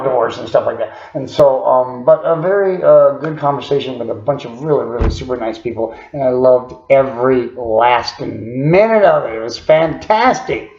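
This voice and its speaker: A man's voice: mid-range voice, gravelly, a little mellow. A man casually telling a personal story in a rambling way, full of fillers and chuckles. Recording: echoey, dull lo-fi room sound.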